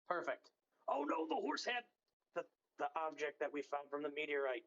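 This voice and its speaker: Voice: medium pitch, very animated, moderate pace, a bit bright. A player doing a brusque bandit captain. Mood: impatient. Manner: curt orders and short replies. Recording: dull, lo-fi mic.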